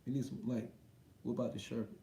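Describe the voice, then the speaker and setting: A man's voice: mid-range voice, little pitch movement, fast talker, mellow, roomy sound, a little hiss or hum. A man hosting a boxing livestream, reading viewer comments aloud and reacting in loose, slangy, profane casual chat.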